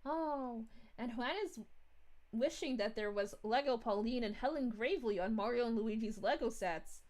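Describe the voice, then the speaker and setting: A woman voicing a bubbly, giggly young princess while reading chat live in character, with drawn-out "ooh"s. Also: on the high side, a little mellow, lightly acted. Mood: cheerful. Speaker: VTuber streamer.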